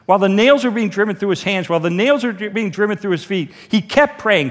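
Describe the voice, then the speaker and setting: A man preaching a sermon as a pastor, telling a story with lively, animated delivery. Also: high-pitched, fast talker, hardly any pauses. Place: church auditorium. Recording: reverberant church hall.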